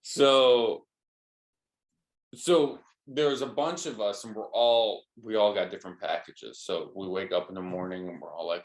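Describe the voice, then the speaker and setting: A man's voice: low voice, fairly even intonation, normal speed. A man chatting casually, telling a rambling travel story with many fillers and restarts. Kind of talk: casual chat.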